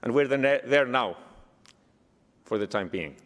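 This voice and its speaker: A man with an Icelandic accent giving a keynote speech, telling a story with animated humor. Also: medium pitch, measured pace. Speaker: keynote speaker. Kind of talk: speech to a summit audience. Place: large hall. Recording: long hall reverb.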